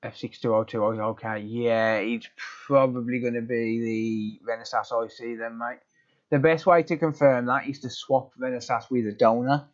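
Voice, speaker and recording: Bloke chatting on a repair livestream, mid-pitched voice, explains stuff plainly, lots of ums, muffled lo-fi audio. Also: male voice, fairly even intonation, moderate pace. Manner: explanatory, matter-of-fact, with frequent ums and restarts. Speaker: live-stream repair technician. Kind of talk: casual live-stream chat answering viewers.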